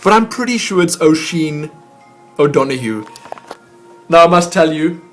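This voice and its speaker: A man's voice: fairly high pitch, sing-song, normal speed, fairly bright tone, faint music behind. A man hosting a vlog, chatting casually and poking fun at himself as he stumbles over foreign words. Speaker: vlog host opening fan mail. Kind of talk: casual chat to camera.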